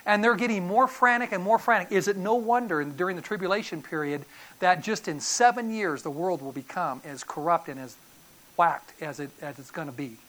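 A woman's voice: on the low side, a little fast, fairly bright tone. A woman preacher giving a sermon, telling the story dramatically and acting out voices.

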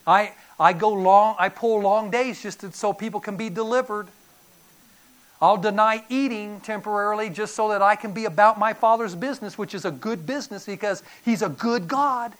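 A middle-aged pastor preaches a sermon, spinning stories in a lively, folksy style that jumps from sudden loud bursts to quiet drops. His voice sits high and he keeps a moderate pace.

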